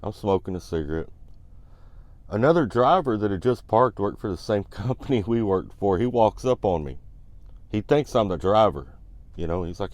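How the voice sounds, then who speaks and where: A man's voice: deep voice, expressive, brisk, darkish tone, dry recording. A man telling a trucking story in a blunt, laid-back way, full of "you know". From United States. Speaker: trucking vlogger. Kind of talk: casual storytelling.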